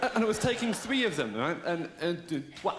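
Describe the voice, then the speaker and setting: A young man doing a stand-up routine in a club, halting and self-deprecating. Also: high-pitched, sing-song. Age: young adult. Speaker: stand-up comedian. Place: comedy club stage. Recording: echoey club with loud crowd and noise. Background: audience laughter.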